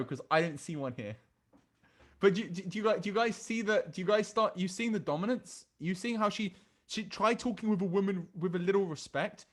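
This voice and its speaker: High-voiced British man coaching emphatically. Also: a bit bright. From Britain. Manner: emphatic and repetitive, hammering points home. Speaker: dating coach. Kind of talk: recorded coaching lesson reviewing chat messages.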